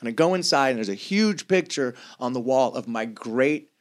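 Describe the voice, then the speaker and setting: A man's voice: medium pitch, animated, normal speed. A man guest in a casual podcast chat, telling stories and trading crude jokes. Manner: crude joking storyteller.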